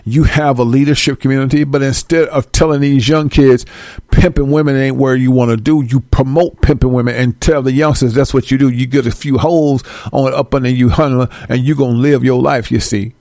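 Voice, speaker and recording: A male preacher who talks straight at his listeners in a blunt, profane and scolding way. His pitch sits mid-range and the sound is close and dry. He leans on repeated words for emphasis. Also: fairly even intonation, a little fast, darkish tone, no room sound. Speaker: religious teacher. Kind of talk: street-style preaching with scripture reading.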